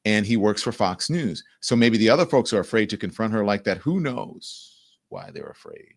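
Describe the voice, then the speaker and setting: A man's voice: on the low side, big pitch swings, moderate pace, creaky. Blunt, indignant male commentary host. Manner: blunt, indignant, swears freely. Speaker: show host. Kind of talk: livestream political commentary.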